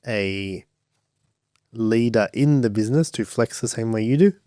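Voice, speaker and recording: Man hosting a podcast, mellow and probing, dry close mic. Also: on the low side, measured pace, clear, resonant tone, dry recording. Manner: probing, asks follow-up questions. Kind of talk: casual podcast interview.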